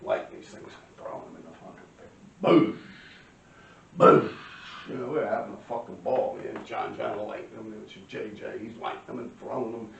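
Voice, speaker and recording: A gravelly-voiced man tells his stories in a loose, profane street style, clearing his throat between lines. He sits away from the mic in an echoey room. The audio is dull, with faint noise underneath. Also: fairly low pitch, little pitch movement, fairly quick, few pauses, darkish tone. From New York. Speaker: vlogger telling life stories. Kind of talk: casual storytelling to camera. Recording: roomy, distant, dull-sounding.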